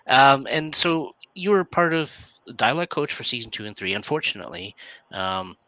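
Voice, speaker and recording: Bright-voiced man hosting a live interview. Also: medium pitch, moderate pace, rough recording. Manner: relaxed, chatty, filler-heavy. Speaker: host. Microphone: video call.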